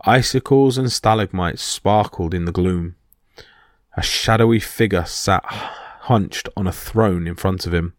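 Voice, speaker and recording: Male podcast storyteller, low, steady, vivid, dry sound. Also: unhurried, no echo. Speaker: narrator. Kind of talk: storybook narration of myths.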